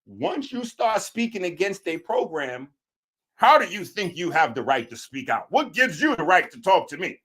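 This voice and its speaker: A man's voice: high voice, very animated, moderate pace, a bit bright, slightly rough. A man hosting a show, giving a mocking, preachy commentary on a clip he has just played. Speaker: show host.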